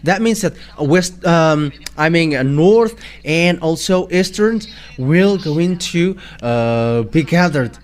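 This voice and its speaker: A man with a Malagasy accent preaching a sermon in halting English, full of fillers and restarts. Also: a little high, lively intonation.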